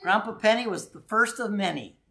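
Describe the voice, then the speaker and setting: A man preaching a sermon in a conversational, animated way, with sudden quiet asides. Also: high voice, moderate pace, gravelly. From United States.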